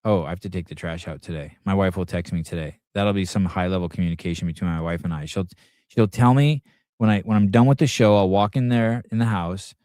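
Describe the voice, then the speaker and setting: A middle-aged man hosts a live call-in podcast and rambles through stories about his day. He swears freely and talks in a loose, casual way. His voice sits a little low, and the recording sounds close and dry. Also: a little fast, a little mellow, no echo. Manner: rambling, profane storytelling. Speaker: podcast host.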